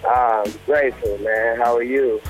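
A young man from Las Vegas talking in a relaxed, easygoing way as an interview guest. His voice sits at an ordinary pitch for a man, and he drops "you know" and "man" as he goes. Faint music plays underneath. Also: a little slow, muffled recording. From Las Vegas, United States. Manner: laid-back, loose, sprinkled with "you know" and "man". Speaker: rapper guest. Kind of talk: casual interview chat.

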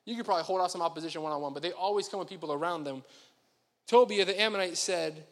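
A man's voice: high voice, quick pace, big-room sound. A man preaching a sermon to his congregation, talking in a conversational, joking way straight to the people in front of him. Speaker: pastor. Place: church sanctuary.

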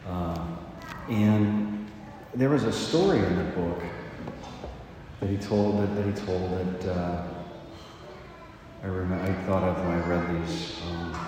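A man, a priest, giving a casual homily in a halting, conversational way with many fillers. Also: low-pitched, noisy background. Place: large echoey church. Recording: distant mic in reverberant church.

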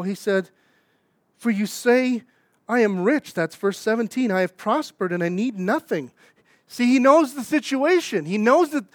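A young adult pastor, preaching a sermon in a conversational, animated way, with asides and acted-out quotes. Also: male voice, very high voice, no room sound, clean studio sound.

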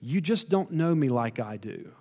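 A man's voice: on the high side, animated, normal speed, big-room sound, natural voice. A man voicing a proud male disciple who protests that he could never fail. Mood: offended protesting. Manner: indignant, protesting. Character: proud, boastful male disciple insisting he's different.

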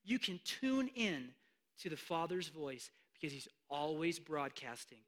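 Man, pastor, sermon, high bright voice, lively, hushed asides then loud declarations. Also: a little slow. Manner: animated, swings between hushed asides and loud emphatic declarations.

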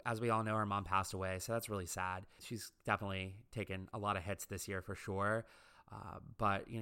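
Bright, gossipy man dishing on TV. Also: mid-range voice, clean tone. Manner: gossipy, opinionated, chatty. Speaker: reality TV commentator. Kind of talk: casual commentary monologue.

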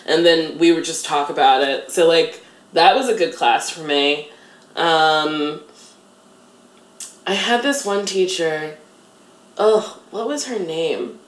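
A woman's voice: low-pitched, takes it slowly, pauses often. A woman in her thirties chatting casually in an interview, self-deprecating and filling her talk with "like". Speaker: interview guest. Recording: echoey room.

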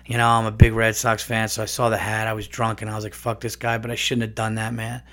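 A man playing a contrite male movie star who speaks in a laid-back, apologetic way, a little lower than his own voice. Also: monotone, quick pace, fairly bright tone, close to an everyday voice. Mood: sheepish.

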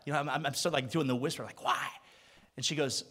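A man's voice: fairly high pitch, rapid-fire, slight background noise. A man in his thirties preaching a sermon, telling a story and acting out the voices of the people in it. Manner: animated storyteller, acts out voices.

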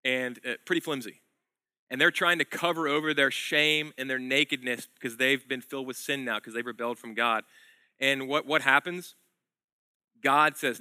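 Bright-voiced conversational preacher, man. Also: mid-range voice, fairly even intonation, normal speed, clear, resonant tone, dry recording. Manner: conversational storytelling preacher, swings between loud and hushed. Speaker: pastor. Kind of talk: sermon.

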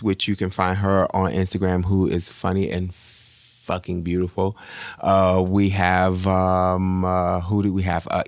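A man's voice: low voice, a little mellow, clean tone, dry recording, studio quality. A man hosting a podcast, chatting loosely with lots of fillers and swearing. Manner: loose, filler-heavy, profane. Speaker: podcast host. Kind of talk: casual chat.

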